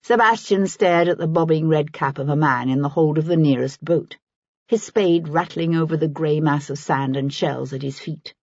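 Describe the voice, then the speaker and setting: A woman narrates an audiobook in a low, husky voice. Her reading moves lively through the lines. The recording is dry and slightly dull. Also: moderate pace, no echo. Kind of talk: scripted narration.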